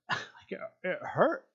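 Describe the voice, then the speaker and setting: A man's voice: takes it slowly, fairly bright tone, muffled recording. A man leading a casual devotional Bible teaching, chatty and earnest with lots of fillers.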